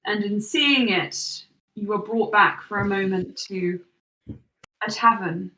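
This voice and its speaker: A woman narrating a tabletop role-playing game as game master, in slow, measured second-person description. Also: mid-range voice, steady tone, bright, forceful tone, reverberant, recorded from a distance, poor audio.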